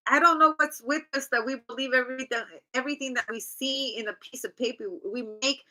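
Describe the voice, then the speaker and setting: A woman's voice: sits high, steady tone, a little fast, pushed and bright, poor audio. A woman giving a casual tarot reading in a blunt, chatty, profane way. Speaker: tarot reader.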